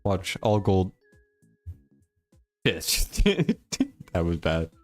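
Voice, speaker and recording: A young man casually talking through a game stream in a low-key, near-monotone way, reading chat aloud. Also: normal speed, clear, resonant tone, soft background music. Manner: laid-back, mumbling, reads chat aloud.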